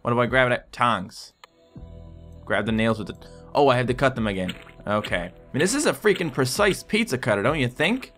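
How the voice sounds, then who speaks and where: Gaming host, male, excitable and sweary, forceful bright tone, faint music behind. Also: mid-range voice, brisk. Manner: excitable, swears, yells at the patients. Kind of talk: let's play commentary.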